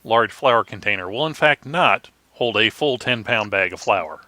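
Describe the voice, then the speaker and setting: A man's voice: lowish voice, lively intonation, moderate pace, background noise. A man co-hosting a casual live chat, telling wry stories.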